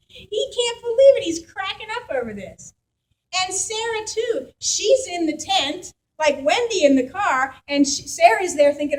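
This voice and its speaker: Brief: woman pastor, high voice, chatty animated sermon to her congregation. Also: unhurried, rough recording. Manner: animated storytelling, conversational with congregation. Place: church.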